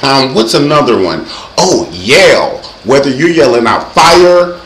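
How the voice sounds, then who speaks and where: A man hosting his own show, giving comedic safety advice in a sassy, animated way and acting out loud yells. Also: mid-range voice, a little slow, roomy sound, a little hiss or hum, poor audio. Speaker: vlog host.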